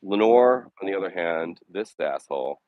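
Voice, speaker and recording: Live-streaming as he walks his dogs along a city path outdoors, this vlogger speaks in a low, expressive voice at a moderate pace. His talk is casual and blunt, full of sarcasm and frequent swearing. The audio is narrow and tinny, with no room sound.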